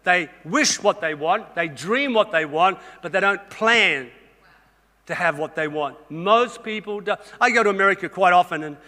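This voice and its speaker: A middle-aged Australian man preaching a sermon, energetic and conversational, speaking straight to the congregation with some humor. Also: high voice, moderate pace. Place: church auditorium. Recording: reverberant church hall.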